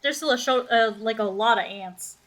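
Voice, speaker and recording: A woman's voice: a little high, normal speed, fairly bright tone, low-quality recording. A young woman narrating as game master in a casual, rambling way.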